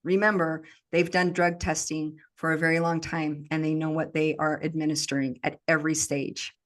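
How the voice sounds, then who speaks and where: Low-voiced woman intensely recounting a memory. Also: flat delivery, normal speed. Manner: intense, vivid present-tense storytelling. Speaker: podcast guest.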